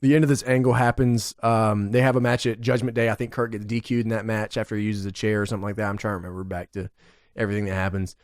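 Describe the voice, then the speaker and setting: A man co-hosting a podcast in casual chat, retelling a show with excitement, laughing often and swearing freely. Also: fairly low pitch, fast talker, dry recording, studio quality. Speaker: podcast co-host.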